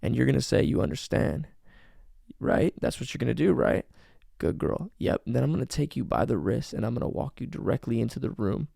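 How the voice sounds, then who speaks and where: A man doing a low breathy dominant lover. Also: expressive, dark tone, no echo, studio quality, full character voice. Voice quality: low, breathy, half-whispered. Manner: slow, commanding, deliberate. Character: dominant man murmuring explicit promises to a lover. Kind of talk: whispered role-play.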